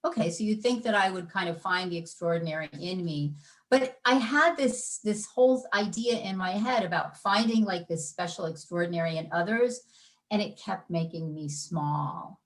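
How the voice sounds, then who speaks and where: Animated middle-aged woman telling stories. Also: lowish voice, moderate pace. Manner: animated storyteller, acts out inner voices. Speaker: podcast guest, life coach. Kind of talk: conversational interview.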